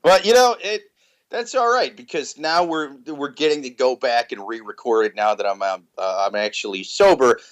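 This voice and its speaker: A man's voice: mid-range voice, moderate pace. A man co-hosting a podcast, making joking, irreverent quips in casual chat. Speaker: podcast co-host.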